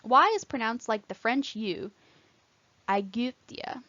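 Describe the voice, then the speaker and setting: A woman's voice: medium pitch, lively intonation, fairly bright tone, no echo, dull audio. Latin teacher woman, careful enunciation. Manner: clear, careful, deliberate enunciation of example words. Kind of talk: scripted instructional narration.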